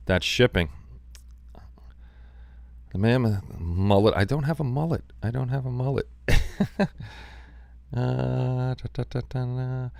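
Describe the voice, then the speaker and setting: A man with a very low, smooth and resonant voice hosts a casual live stream and chats with his viewers. He rambles from one thing to the next and answers people by name. The sound is dry and close, with almost no room echo. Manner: rambling, chatty, talks back to chat by name. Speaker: live stream host reading chat.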